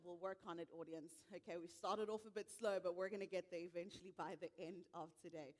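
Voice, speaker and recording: A woman's voice: lowish voice, steady tone, fast. A woman hosting a live tech conference on stage, upbeat and speaking directly to the audience.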